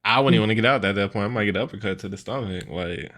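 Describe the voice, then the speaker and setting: A young man with a fairly low pitch and a bright, forceful edge, joking around in slangy banter as a podcast co-host. He talks casually and teases his friend. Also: racing. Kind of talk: casual chat.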